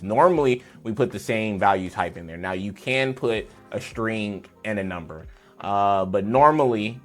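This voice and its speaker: Low-voiced guy teaching a coding class, rambly and chill, faint music in the back. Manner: loose, chatty explaining with fillers and playful asides. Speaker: programming teacher. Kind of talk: casual screen-share coding tutorial.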